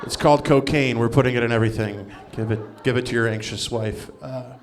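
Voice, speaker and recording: A man's voice: medium pitch, steady tone, fairly quick. A male stand-up comedian with a mid-range voice. He delivers his set in a wry, sardonic way. He performs on a comedy stage in front of a live audience.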